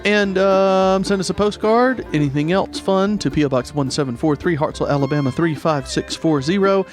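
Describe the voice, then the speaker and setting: A man's voice: a little high, moderate pace, soft background music. A man with a Southern American accent co-hosting a podcast, joking and teasing in casual banter. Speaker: podcast co-host. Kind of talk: casual chat.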